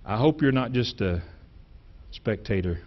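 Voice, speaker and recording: A middle-aged man preaching a sermon in a church, with emphatic delivery, restarts and repeated words, and sudden loud rises. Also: medium pitch, animated, measured pace, muffled recording. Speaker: pastor. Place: church sanctuary.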